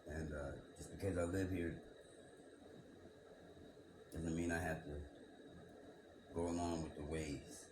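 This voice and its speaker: A man's voice: low voice, flat delivery, takes it slowly, long pauses. A man reading a scripture passage aloud and musing over it, asking rhetorical questions and repeating his words. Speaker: scripture commentator. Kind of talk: reflective bible commentary monologue. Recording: echoey room with background noise.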